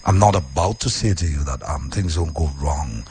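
A man who hosts radio, talking casually about his week, deep-voiced when calm and emphatic with repeated phrases. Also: moderate pace, slight background noise. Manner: repetitive, emphatic, swings from quiet and low to high and animated. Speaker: radio host. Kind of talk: casual personal talk.

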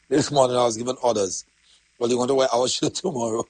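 A man's voice: mid-range voice, fairly even intonation, quick pace, darkish tone, breathy edge, no room sound, low-quality recording. A man hosting a casual morning show, chatty and laughing often as he greets listeners by name. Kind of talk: casual live morning chat with sponsor shout-outs.

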